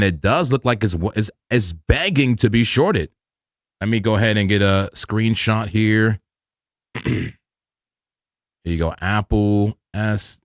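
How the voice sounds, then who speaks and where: A man hosts a live crypto trading stream in a casual, excitable way, often repeating himself and breaking into loud laughs. His pitch swings widely from low mutters to high outbursts. The sound is dry and close, with no room around him. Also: dry recording.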